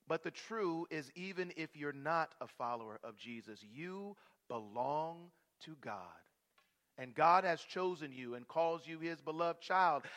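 A male pastor preaching a sermon in an emphatic, drawn-out way. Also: fairly high pitch, animated, big-room sound. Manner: slow, emphatic, swelling to shouts.

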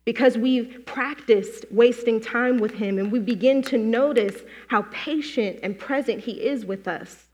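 A woman preacher leading a slow, gentle guided meditation and prayer in a church. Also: a little high. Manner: gentle, slow, inviting with many pauses. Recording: long hall reverb.

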